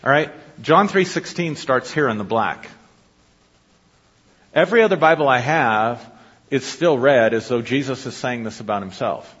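A man's voice: medium pitch, lively intonation, moderate pace, fairly bright tone, husky. A man preaching a sermon to his congregation, teaching in a conversational way and often asking them questions. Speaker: pastor. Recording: dull lo-fi audio with long hall reverb.

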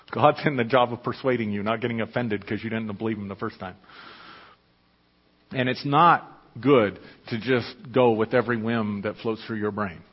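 A pastor preaching a sermon, emphatic and conversational, often asking the listeners questions. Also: male voice, on the low side, a little slow, pauses often, slightly rough. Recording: echoey hall, dull lo-fi sound.

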